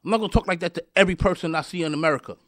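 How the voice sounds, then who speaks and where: This show host speaks rapid-fire in a fairly bright voice on the high side, angrily ranting at his audience with repeated words and stumbling restarts. It's a clean, dry studio recording.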